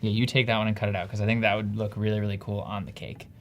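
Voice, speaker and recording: A chatty, upbeat man with a New Jersey accent talks through his work on a casual live stream. He pokes fun at himself as he goes, with a faint low rumble behind him. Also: level tone, very fast, fairly bright tone. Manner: upbeat, chatty, self-deprecating. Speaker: livestream co-host.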